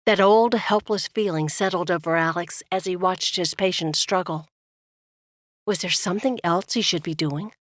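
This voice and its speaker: A woman narrating an audiobook in a steady, measured way. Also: fairly low pitch, no room sound, studio quality.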